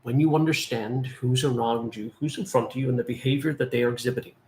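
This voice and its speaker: A man's voice: medium pitch, steady tone, fast, a little mellow, slight background noise. A man in his forties, a medium and life guide, giving an earnest spiritual talk to viewers and repeating phrases for emphasis.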